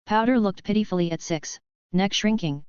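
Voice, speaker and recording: A woman narrating a novel aloud in an even, steady reading voice. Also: mid-range voice, normal speed, clean tone, dry recording, highs cut off. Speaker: audiobook narrator. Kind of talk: scripted narration.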